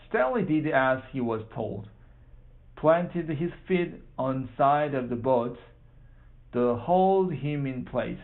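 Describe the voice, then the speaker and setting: Man slowly reading a kids book out loud, stumbling over words, tinny phone sound. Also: mid-range voice, expressive, gravelly. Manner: halting, repeats and corrects words. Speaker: reader. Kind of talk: practice reading aloud of a children's book.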